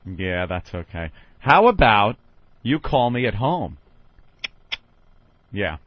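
A man's voice: on the low side, big pitch swings, slow, dry recording. A male radio host talking in a wry, mocking way, telling stories on air. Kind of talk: radio show banter. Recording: dull lo-fi radio broadcast.

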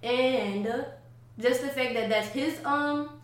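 A woman's voice: high-pitched, slow pace, distant mic. A woman in casual debate chat, talking conversationally and filling her speech with "like" and "um". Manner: conversational, uses many fillers like "like" and "um". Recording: echoey room, voice a bit off-mic, faint background noise.

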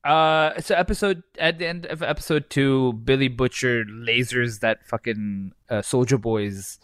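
A man chatting as a podcast co-host, loose and sweary, often breaking into laughter and restarting his sentences. His voice sits in a middling pitch and is recorded close and dry, with no room sound. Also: steady tone, measured pace, a bit bright, clean tone, no echo. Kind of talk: casual chat.

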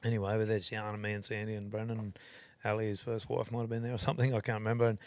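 A man's voice: lowish voice, flat delivery, very fast, a little mellow, no echo. A man with an Australian accent, a podcast guest telling a rambling, swear-filled story and correcting himself as he goes. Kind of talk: casual storytelling.

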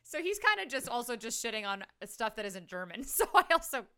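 A woman co-hosting a casual movie-review podcast, animated and laughing often, swearing casually. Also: fairly high pitch, brisk, clean tone. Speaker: podcast co-host.

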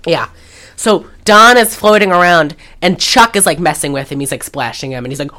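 Here a woman with a lowish voice speaks at normal speed. Co-hosting a podcast, she recaps a film conversationally and animatedly acts out quoted lines from its characters.

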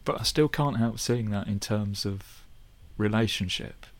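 Male guest, low voice, searching, lifts when emphatic. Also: a little slow. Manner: thoughtful, searching, rising in pitch when emphatic. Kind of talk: conversational discussion.

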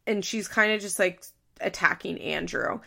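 A woman's voice: lowish voice, moderate pace, vocal fry, bright, forceful tone. A woman hosting a podcast, giving casual commentary in a chatty way full of fillers. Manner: chatty, heavy on fillers like "like" and "you know". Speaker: podcast host.

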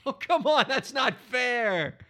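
A man co-hosting a comedic podcast, playing a quiz game in casual, joking, excitable chat. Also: very high-pitched, slow. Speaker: podcast co-host, quiz player.

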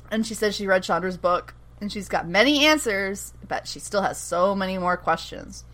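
Medium-pitched and expressive, she speaks at a moderate pace in a fairly bright tone. In a casual podcast recap of a TV episode, she performs the characters' lines and laughs frequently.

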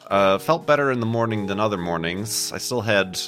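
Man, low and animated voice, slightly stuffy, chatty gaming commentary, self-mocking. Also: a little fast, faint music behind. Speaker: gaming YouTuber. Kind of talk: casual let's-play commentary.

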